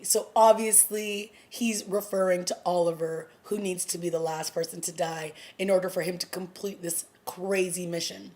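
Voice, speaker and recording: Gushing woman reviewing a TV episode. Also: medium pitch. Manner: gushing and breathless, stumbling restarts; animated retelling of scenes. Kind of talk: excited casual review vlog.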